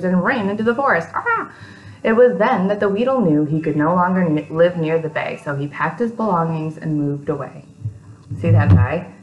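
A woman's voice: on the low side, roomy sound, muffled recording. A woman reading a picture book aloud to young children, breaking off for chatty asides to them.

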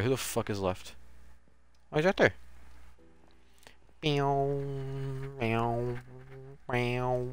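A man's voice: lowish voice, creaky. A man streaming a video game, commenting live with casual, profane trash-talk at other players.

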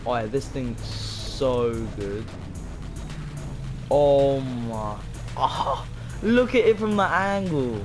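A young man giving casual, rambling commentary over his own racing gameplay, self-mocking and breaking into excited bursts. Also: medium pitch, very slow, pauses often, over music. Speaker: gaming video creator.

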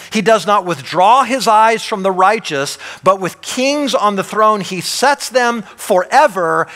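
A man with a fairly high voice preaches a sermon in a church. He keeps a conversational tone, pausing often to check that his listeners follow. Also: fairly bright tone. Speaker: pastor.

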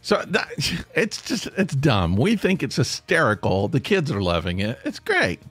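A man hosting a podcast, telling a funny story in an animated, self-deprecating way and laughing mid-sentence. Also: mid-range voice, moderate pace, husky, no room sound, soft background music. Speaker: podcast host. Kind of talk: comic storytelling.

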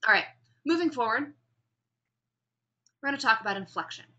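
A woman with a bright, forward voice teaches a speech class. She swings her pitch up and down to show contrast and calls on students with questions. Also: fairly quick, dull audio. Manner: animated, demonstrates pitch and emphasis, asks students questions. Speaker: speech instructor. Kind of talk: classroom lecture.

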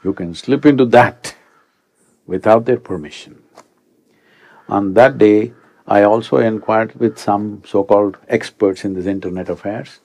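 A man in his sixties, a spiritual teacher, giving an animated speech to a young audience and often prompting listeners with rhetorical asides. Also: on the low side, unhurried. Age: 60s.

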